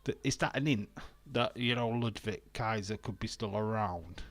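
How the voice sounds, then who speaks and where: A man's voice: lowish voice, normal speed, no echo. A British man from the UK chatting casually over a live wrestling stream, laughing and joking with viewers. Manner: chatty, laughs often, sings and jokes to himself. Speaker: wrestling watch-along streamer.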